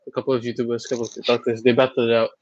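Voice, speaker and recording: A man's voice: medium pitch, monotone, very fast, no room sound. Man, podcast co-host, casual chat, rambling, teasing, dry sound, slightly dull audio. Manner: rambling, teasing, laughs often.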